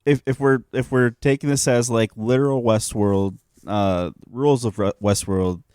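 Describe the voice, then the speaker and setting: A man co-hosting a casual movie podcast, explaining haltingly with fillers and trailing off quietly. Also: mid-range voice, fairly even intonation, clean tone, no echo, studio quality. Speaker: podcast co-host.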